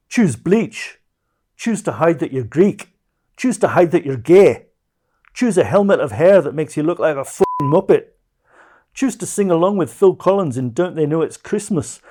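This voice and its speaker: A man's voice: on the high side, warm tone, pitched above the performer's own voice. A man putting on a shaky Scottish accent to play a scornful man ranting through a bitter monologue. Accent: put-on Scottish. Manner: declamatory, scornful listing rant.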